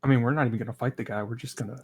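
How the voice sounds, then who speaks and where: Player, even monotone delivery, matter-of-fact. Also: mid-range voice, very fast. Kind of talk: casual tabletop play.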